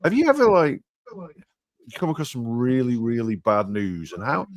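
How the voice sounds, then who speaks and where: A man's voice: medium pitch, wildly swooping pitch, normal speed, a crowd in the background. A man hosting a podcast interview, stumbling and repeating words as he asks questions. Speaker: podcast host.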